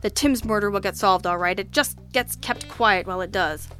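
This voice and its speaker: A woman voicing a gruff, blustering male homicide lieutenant who bellows and grumbles testily in an audiobook. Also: medium pitch, normal speed, bright, forceful tone, soft background music, lightly acted. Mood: testy. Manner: bellowing, testy, exasperated. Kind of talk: audiobook character voice.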